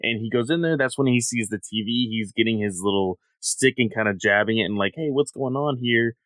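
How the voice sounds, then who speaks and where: A man's voice: lowish voice, a little fast, no echo. Laid-back man retelling a story. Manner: relaxed retelling, many fillers, quotes characters. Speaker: podcast co-host. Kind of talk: casual podcast chat.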